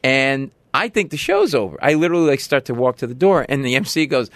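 A man's voice: medium pitch, fast talker, dry recording. A middle-aged man telling a casual story, acting out voices as he goes. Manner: animated, acts out voices in his story.

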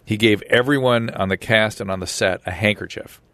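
A man's voice: on the low side, fairly quick, pushed and bright, no echo. A man hosting an interview, asking curious, rambling questions and correcting himself as he goes. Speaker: podcast host. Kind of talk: casual interview chat.

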